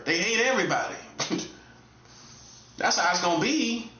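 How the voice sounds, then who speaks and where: A high-voiced man delivers a casual monologue with a bright, forceful edge. He lectures the listener, repeating himself for emphasis. The recording sounds roomy and a little dull. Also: animated, moderate pace, pauses often. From North Carolina. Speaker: online commentator.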